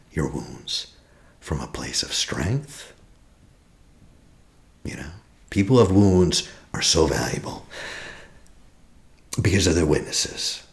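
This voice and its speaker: Deep-voiced man with lively, swinging delivery. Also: gravelly. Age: 40s. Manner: questioning, often drops to a soft whisper. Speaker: attachment healing practitioner. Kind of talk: reflective teaching talk.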